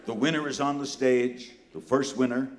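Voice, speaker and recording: A man's voice: medium pitch, normal speed. An older man from New City, telling a comic story to a live audience in a punchy way, full of asides. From New York City. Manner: animated, punchy delivery with asides.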